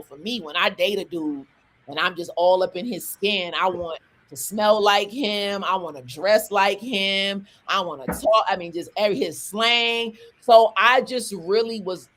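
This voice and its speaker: A woman in her forties from the American South, a rapper talking as a guest in a casual interview. She tells stories in quick bursts, full of restarts and asides, in a neutral, non-regional accent. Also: lowish voice, slight background noise. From Southern US, Atlanta. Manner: animated, talks fast in bursts with restarts.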